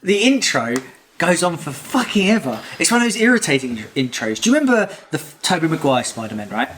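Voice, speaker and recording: A man's voice: on the high side, big pitch swings, a little fast, a bit bright, slight background noise. A man co-hosting a casual film review podcast, jokey and ranting with mock outrage. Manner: jokey, ranting, puts on silly voices. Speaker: podcast co-host.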